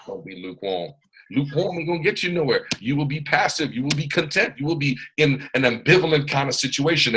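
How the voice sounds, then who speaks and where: A man from Atlanta with a Southern American accent and a resonant baritone, giving an emphatic, preachy motivational training talk on a video call. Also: fairly bright tone, slightly rough, poor audio. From Atlanta, Georgia, US. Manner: preachy, emphatic, repeats phrases, puts on voices of others. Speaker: mentor hosting a live training call.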